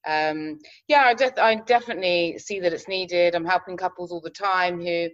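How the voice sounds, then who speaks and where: A woman hosting an interview as relationship coach, talking haltingly with fillers and restarts. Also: on the low side, highs cut off. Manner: hesitant, many fillers and restarts, encouraging. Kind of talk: interview chat.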